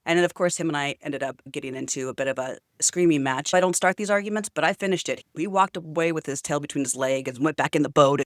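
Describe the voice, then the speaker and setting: A woman's voice: low voice, quick pace, few pauses, no room sound, studio quality. A woman telling a story to camera in a casual, outspoken rant. She swears freely and fills her talk with chatty asides. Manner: chatty with many fillers. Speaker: vlogger.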